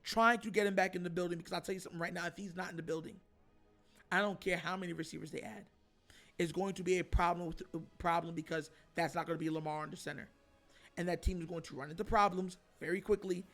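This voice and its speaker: A man hosting his own show, giving an emphatic, animated sports opinion monologue and calling his viewers y'all. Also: high-pitched, fast talker. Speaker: host.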